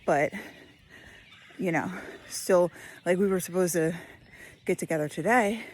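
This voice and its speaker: A woman's voice: fairly low pitch, measured pace. A woman, out of breath while walking outdoors, musing aloud in a casual spoken reflection with many fillers. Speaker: vlogger. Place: outdoors on a walk.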